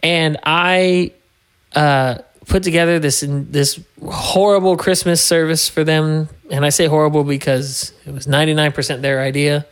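A man's voice: a little high, fairly even intonation, moderate pace, clean tone. A man, a podcast guest, telling his story in casual conversation, laughing often and putting on voices for other people.

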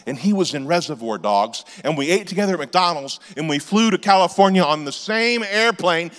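A man in his forties preaches from a church stage, telling comic stories and shouting his punchlines. His voice sits high and bright. A long reverb from the hall trails behind every phrase. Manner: animated storyteller, shouting punchlines. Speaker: pastor. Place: church auditorium.

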